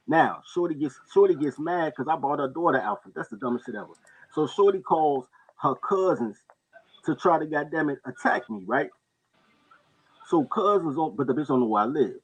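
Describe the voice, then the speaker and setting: A man spins a street story with a lively, swooping delivery, his voice husky and a little raised in pitch. He tells it casually and acts out the people in it along the way. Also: moderate pace, lo-fi sound. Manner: animated storyteller, jumps into high-pitched voices for others. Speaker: podcast co-host telling stories.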